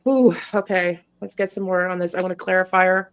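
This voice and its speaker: A woman hosting a live tarot stream, talking in a casual, halting way and often breaking off mid-thought. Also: fairly low pitch, level tone, clear, resonant tone, poor audio. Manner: hesitant, halting, self-interrupting. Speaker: tarot reader and channel host.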